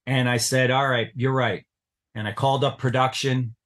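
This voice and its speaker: A man's voice: mid-range voice, little pitch movement, moderate pace, a bit bright. A middle-aged man, a podcast guest, earnestly and intensely recounting a personal story in an interview. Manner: earnest, intense retelling with acted-out quotes.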